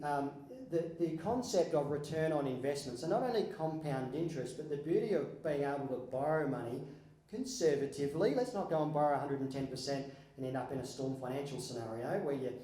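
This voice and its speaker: A man, a financial adviser giving a seminar presentation and talking conversationally with the audience, with wry asides and quick questions to the room. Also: fairly high pitch, mellow, reverberant, low-quality recording. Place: conference hall.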